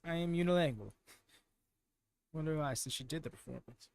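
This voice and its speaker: A man's voice: a little high, normal speed, vocal fry, darkish tone, clear, resonant tone, no room sound. A man hosting a live wrestling watchalong stream, chatting casually and answering viewers in chat. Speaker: watchalong host.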